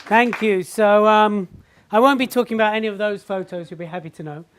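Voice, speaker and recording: A woman giving an animated stage talk to a live audience. She tells stories, acts out people's reactions and keeps asking the audience questions. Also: mid-range voice, brisk, some chatter behind, slight background noise. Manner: animated storytelling, acting out reactions. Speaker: public speaker.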